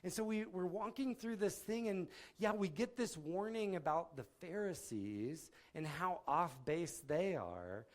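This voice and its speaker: A man's voice: high-pitched, lively intonation, a little slow, few pauses. A man giving a sermon in a conversational tone, often acting out quotes from the people in the story. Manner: conversational, with filler words and restarts, acting out quotes. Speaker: pastor.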